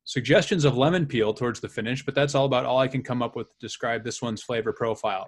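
A man's voice: mid-range voice, quick pace. Chatty man reading out a beer review. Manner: chatty, laughs often, reads reviews aloud. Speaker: podcast co-host. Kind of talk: casual chat. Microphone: video call.

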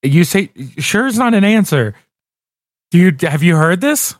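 Laughing podcast host, slightly high. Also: male voice, big pitch swings, unhurried, no echo, studio quality. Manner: laughs often, rambling and self-deprecating. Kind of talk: casual chat.

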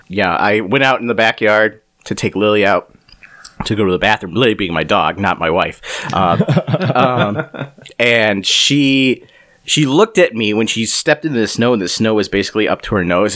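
A man's voice: fairly low pitch, normal speed, a bit bright. A man from Northeast Ohio hosting a casual, jokey podcast chat and laughing often. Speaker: podcast host.

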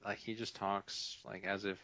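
A man's voice: fairly low pitch, flat delivery, measured pace, pushed and bright, dry recording. A young man co-hosting a podcast, chatting casually and telling stories about his coworkers. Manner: storytelling, quoting coworkers. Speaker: podcast co-host. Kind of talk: casual chat. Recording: dull lo-fi sound.

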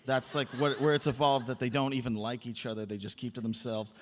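Man, mid-pitched panelist, live hall reverb, rambling jokey delivery. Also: little pitch movement, fairly quick. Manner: rambling, jokey, interrupts others. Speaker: band member on a live panel. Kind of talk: live onstage banter. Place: arts venue stage.

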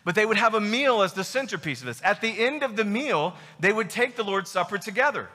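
A man's voice: high voice, very animated, fairly quick, sharp tone, big-room sound. A man preaching a sermon as pastor, emphatic and emotional, full of rhetorical questions.

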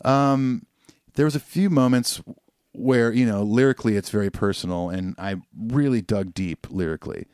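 A man's voice: on the low side, normal speed, a little mellow, smooth, no echo, studio quality. A man who is a guest musician, reflectively telling stories in a casual podcast chat. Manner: reflective storytelling, hesitant.

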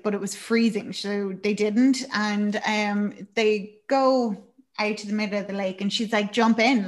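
Chatty woman recapping a film. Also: medium pitch. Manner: chatty, lots of fillers, acts out character lines. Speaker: podcast co-host. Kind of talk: casual movie recap.

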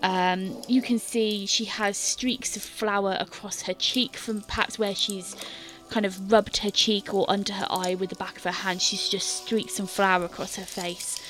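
A woman's voice: medium pitch, steady tone, measured pace, few pauses, fairly bright tone, faint music behind. A woman game master narrating a tabletop scene in detail, with many fillers and hesitant restarts.

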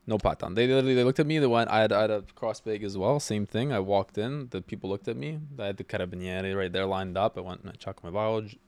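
A man's voice: fairly low pitch, quick pace, few pauses, a little mellow, no echo. A man chatting as a podcast guest, packing his sentences with filler words. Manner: filler-heavy, many likes. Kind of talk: casual chat.

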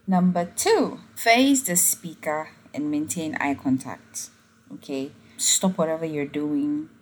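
A woman's voice: low voice, darkish tone, slight background noise. A woman hosting an advice podcast, talking earnestly and pleading with the listener, often checking in with "okay?" and laughing at herself. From Ghana. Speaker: podcast host.

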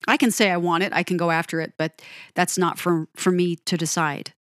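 A woman hosting a music commentary, gushing about a song, animated and quick to correct herself. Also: lowish voice, dry recording, clean studio sound. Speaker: music podcast host. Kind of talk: enthusiastic song breakdown.

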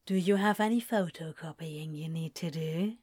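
Casting: woman voicing a smooth seducer, male, low teasing drawl, close and dry. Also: normal speed, darkish tone, no room sound. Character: flirtatious male seducer on the phone.

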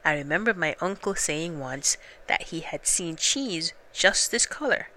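A woman voicing a slow, dreamy, honey-loving male bear who muses aloud and hums to himself. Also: lowish voice, lively intonation, pushed and bright. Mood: musing. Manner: musing, drawn-out, humming to himself.

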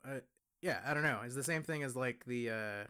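Podcast co-host, young man, mid-pitched, relaxed, meandering and trailing off mid-thought. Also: brisk, clean tone. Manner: easygoing, rambling, trails off. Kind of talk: casual podcast chat.

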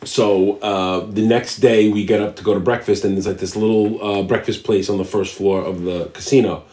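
A man's voice: on the low side, fairly even intonation, normal speed, darkish tone. A man co-hosting a podcast, telling a long, profanity-laced anecdote in casual chat. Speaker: podcast co-host.

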